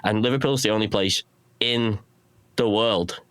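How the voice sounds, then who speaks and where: A man with a Runcorn Scouse accent and a fairly low voice, chatting as a guest on a podcast. He rambles, pokes fun at himself and restarts his sentences a lot. The sound is dry and close to the mic. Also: moderate pace, fairly bright tone, clean tone, no echo. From England. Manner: rambling, self-deprecating, restarts often. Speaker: guest, pedal maker. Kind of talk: casual podcast interview.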